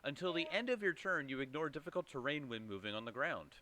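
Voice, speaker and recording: A man's voice: fairly high pitch, expressive, sharp tone. A man running a tabletop game as game master. He reads descriptions and rules, with frequent fillers and restarts. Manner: halting, with many fillers and repeats.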